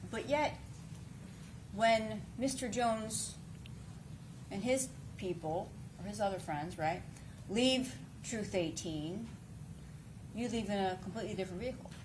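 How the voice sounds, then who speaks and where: A woman's voice: mid-range voice, unhurried, pauses often, noisy background. A woman defense attorney cross-examining a witness in a courtroom, pressing with pointed leading questions.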